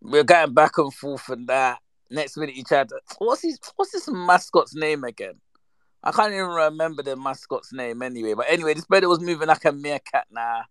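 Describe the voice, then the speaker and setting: A man, chatting casually and reminiscing with lively slang, acting out the voices in his stories. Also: fairly high pitch, brisk, clear, resonant tone, dry recording. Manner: animated, slangy, acts out quoted voices. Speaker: storyteller.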